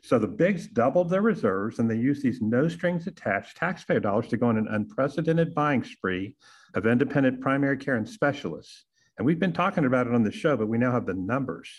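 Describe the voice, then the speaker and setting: A husky-voiced man with a drawl, hosting his own show. He delivers a scripted monologue with sarcastic, punchy turns and pointed rhetorical questions, at a middling pitch. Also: animated, brisk. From Texas. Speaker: podcast host.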